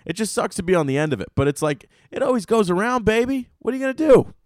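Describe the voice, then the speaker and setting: A young adult man hosting a comedy podcast and rambling through a profane solo rant. His pitch leaps and dips as he gets carried away. The sound is dry and close, with no room around it. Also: big pitch swings, fast talker, a little mellow, no echo. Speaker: podcast host.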